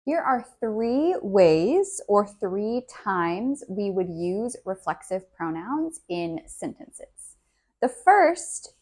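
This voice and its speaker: Woman teaching english real slow, says each example twice, mid-pitched voice. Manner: repeats each example sentence slowly for learners. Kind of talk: slow, clear English lesson.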